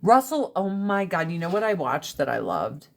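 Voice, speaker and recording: A woman's voice: lowish voice, very animated, moderate pace, creaky. A woman hosting a casual live stream, talking bluntly with plenty of profanity and ranting with rising emphasis. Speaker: livestream host. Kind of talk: casual livestream chat.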